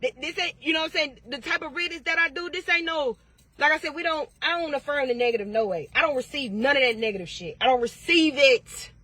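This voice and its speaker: A woman's voice: high voice, fast talker, bright, forceful tone, no room sound. A woman tarot reader giving blunt, profane advice in a casual vlog, firing off repeated questions.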